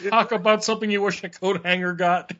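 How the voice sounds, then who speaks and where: A man hosting a casual podcast, loud and mocking, with frequent exclamations. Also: high voice, fairly even intonation, fast talker. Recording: dull lo-fi sound.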